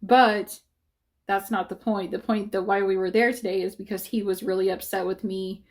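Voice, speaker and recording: A woman's voice: medium pitch, steady tone, moderate pace. A woman talking casually to her viewers, rambling with many fillers and self-corrections, upset and defensive, close to tears at times. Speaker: vlogger.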